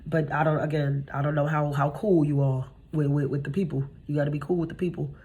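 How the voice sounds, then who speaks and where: Low husky woman reading tarot. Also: flat delivery, brisk, warm tone. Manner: chatty, streetwise, talks to viewers directly. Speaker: tarot reader.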